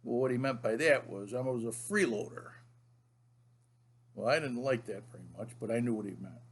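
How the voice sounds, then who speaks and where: An older man, an author, telling a childhood story to the camera in a folksy, relaxed, conversational way. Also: mid-range voice.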